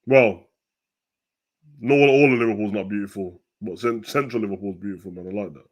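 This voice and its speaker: A young man hosting a live football watch-along, chatting in slang and rising to loud, excited play-by-play. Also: fairly low pitch, a little fast.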